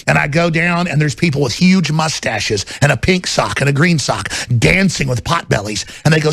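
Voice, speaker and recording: Middle-aged guy ranting hard, gravelly husky voice, high and tense, goes from mutters to yelling, dry sound. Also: lively intonation, moderate pace, hardly any pauses, dry recording. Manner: swings from low muttering to shouting, repetitive. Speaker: talk show host. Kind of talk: impassioned rant.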